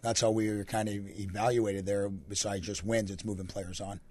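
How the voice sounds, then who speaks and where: A young Canadian man, a hockey coach with a deep, raspy voice, answering radio interview questions in a relaxed, rambling way. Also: normal speed. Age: young adult. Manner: relaxed, rambling answers with many fillers and restarts.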